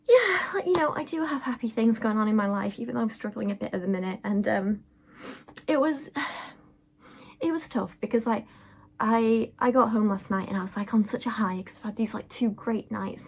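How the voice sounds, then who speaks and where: Chatty woman with gravelly fry. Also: a little high, darkish tone. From England. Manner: chatty, rambling, lots of fillers and "like". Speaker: vlogger. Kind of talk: casual chat to camera.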